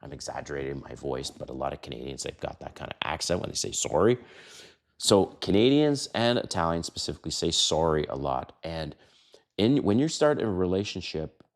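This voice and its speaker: A man's voice: rumbling low, very animated, fairly quick, vocal fry. A middle-aged man giving dating advice in a casual vlog monologue, blunt and profane, acting out other people's voices as he tells stories.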